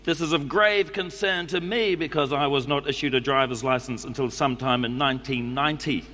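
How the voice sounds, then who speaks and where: In an echoey hall with faint background noise, a man with a New Zealand accent reads a letter aloud to a live audience. His voice is high-pitched, bright and forceful, and his manner dry, formal and mock-serious.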